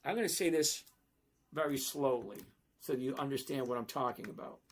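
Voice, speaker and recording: A man hosting a casual livestream, talking slowly and emphatically and often checking in with "okay?". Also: mid-range voice. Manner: slow, emphatic, repeats "okay?" to check understanding. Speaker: livestream host answering viewer questions. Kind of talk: casual livestream chat about stocks.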